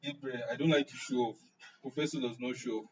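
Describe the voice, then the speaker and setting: Fast and husky, this young Nigerian man's mid-range voice keeps fairly even intonation as he teaches an online class, joking and answering his audience's comments by name. The live-stream audio is muffled and distant.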